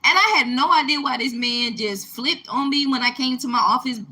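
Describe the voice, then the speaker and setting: Young woman from Texas, personal storyteller; bright, emphatic delivery, light noise bed. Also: sits high, moderate pace, rough recording. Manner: emphatic, animated retelling with rising indignation. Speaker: vlogger.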